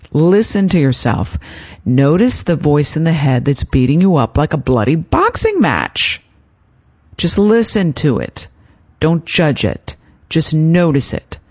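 A woman speaks on her self-help podcast in a gentle, encouraging way. Her pitch swings widely as she coaches the listener. She is calm and kind as she gives advice. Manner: gentle, encouraging, acts out her inner voice in quotes. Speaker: podcast host and life coach.

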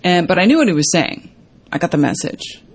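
A woman hosting a casual self-help talk to viewers, chatty and full of fillers, acting out quoted lines in a higher voice. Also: big pitch swings, fairly quick, breathy edge. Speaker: host.

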